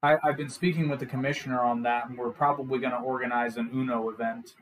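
A man's voice: mid-range voice, steady tone, fast, a little hiss or hum, poor audio. Blunt grumbling podcast host man. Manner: blunt, grumbling, swears casually. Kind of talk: casual chat.

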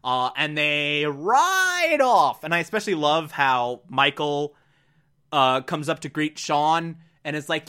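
This is a relaxed solo recap of a TV episode, delivered at an unhurried pace. The speaker has a bright, sharp-edged tone. They keep breaking into amused laughter and gush over their favorite parts. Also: mid-range voice, smooth. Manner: laughs often between sentences; amused, gushing. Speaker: show recapper. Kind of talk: casual recap monologue.

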